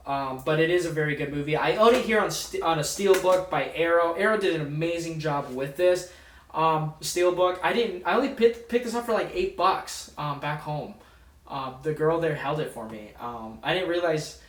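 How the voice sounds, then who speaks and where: A man's voice: a little high, a bit bright. A man talks through a horror movie review in a loose, rambling manner, stopping and restarting his sentences often. His voice sits a touch above the typical male range. The sound is roomy and echoey, as if the mic is well away from him. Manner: rambling, lots of ums and restarts. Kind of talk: casual movie review vlog. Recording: echoey room, distant mic.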